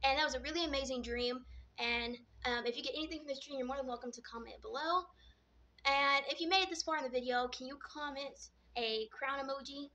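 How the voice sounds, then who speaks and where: High, bright woman rambling through a story. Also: a little fast, dull audio. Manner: rambling, full of "like" fillers. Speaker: vlogger. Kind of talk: casual retelling of a dream.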